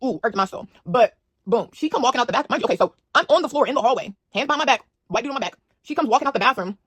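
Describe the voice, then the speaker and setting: A young woman telling a story in a casual, animated, slangy way, full of fillers and asides to the viewer. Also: a little high, racing, breathy edge, no room sound.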